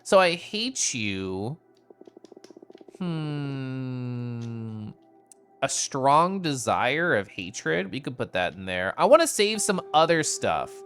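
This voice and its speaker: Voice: mid-range voice, very animated, takes it slowly, fairly bright tone, faint music behind. A streamer giving casual live-stream commentary while playing a game, bubbly and giggly with playful squeals.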